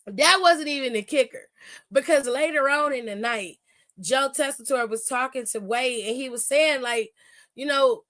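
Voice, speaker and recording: A woman's voice: a little high, unhurried. A young adult woman hosting a casual wrestling recap, telling it in slang, acting out what people said and laughing often. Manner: animated storytelling, slangy, acts out quotes, laughs often.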